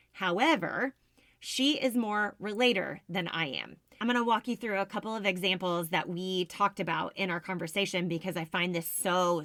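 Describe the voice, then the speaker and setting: A woman's voice: mid-range voice, a bit bright, no room sound. A woman hosting a solo business podcast, explaining sales ideas in an upbeat, teacherly way. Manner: upbeat explanatory, self-described business nerd. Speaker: podcast host, sales coach.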